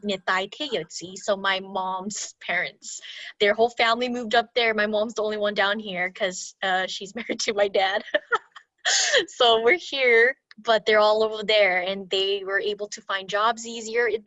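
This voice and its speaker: A woman's voice: medium pitch, measured pace, fairly bright tone, dry recording. A young woman from California presenting an online culture workshop, chatty and laughing often. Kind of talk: casual online workshop teaching. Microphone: video call. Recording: dull lo-fi video call audio.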